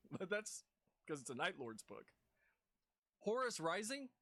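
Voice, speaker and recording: A man's voice: sits high, big pitch swings, slow pace, a bit bright, no room sound, studio quality. A man in exasperated reaction-video commentary, scornful and repeating himself in disbelief.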